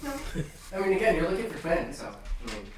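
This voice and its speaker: A man's voice: on the high side, sing-song, fast talker, very echoey, distant mic, slight background noise, rough recording. A man narrating as game master, hesitant and full of ums and restarts.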